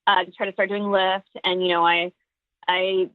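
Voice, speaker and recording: A woman's voice: medium pitch, little pitch movement, dry recording. Woman comic on a tinny phone line. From Texas. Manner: fast, emphatic, many restarts. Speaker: podcast guest, comedian. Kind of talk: casual interview chat.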